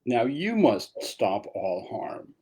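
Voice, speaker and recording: A man doing a calm, compassionate sage. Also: mid-range voice, breathy edge, exaggerated voice. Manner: calm, measured, slow. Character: calm compassionate male spiritual teacher.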